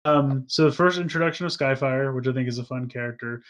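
A man's voice: medium pitch, fast talker, fairly bright tone, dull audio. A man co-hosting a podcast in casual chat, rambling, laughing often and tripping over his words. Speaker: podcast co-host.

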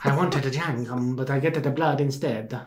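A man's voice: mid-range voice, normal speed, heavy background noise, lightly acted. A man putting on a mock Italian accent to voice a devout, unhinged older woman killer, speaking stilted, broken, melodramatic English. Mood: indignant.

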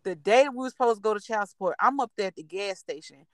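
A young woman hosting a casual podcast, venting in blunt, profane language. She acts out each person in her stories. Her voice sits at an ordinary pitch and sounds dry and close. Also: fast, no echo. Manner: profane, blunt, vents with quoted dialogue. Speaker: podcast host. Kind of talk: casual storytelling chat.

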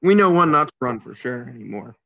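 A man guest on a casual podcast, talking in an animated way with frequent restarts. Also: medium pitch, a little fast, gravelly.

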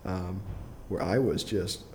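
A young adult man, a podcast guest, telling a personal story in a casual, rambling way full of fillers and quick chuckles. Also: sits low, fairly even intonation, slight background noise. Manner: rambling, filler-heavy, restarts often, chuckles through his story.

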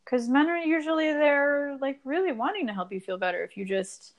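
A woman's voice: high voice, expressive, a little fast. A woman guest on an interview, explaining relationship advice in an earnest, casual way with many fillers.

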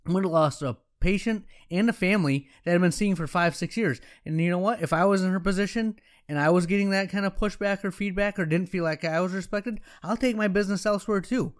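A man tells a story in a casual, frank way. His voice is smooth and clear and sits a little high for a man. He slips into quoting himself and his patients. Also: brisk, few pauses. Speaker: optometrist and practice owner.

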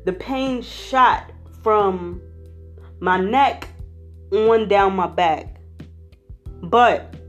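A young woman telling a personal story in a lively, conversational, slangy way. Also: lowish voice. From Philadelphia.

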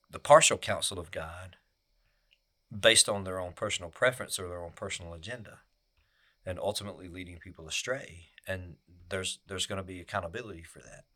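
Low-voiced man, earnest preacherly talk. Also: pushed and bright. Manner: earnest, preacherly, repeats words as he goes. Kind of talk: casual podcast chat.

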